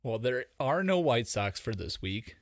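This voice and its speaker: A young man co-hosts a sports podcast with wry, laid-back quips. His pitch moves around a lot, and the sound is dry and close. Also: very animated, measured pace, no echo. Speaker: podcast co-host. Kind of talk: casual sports podcast chat.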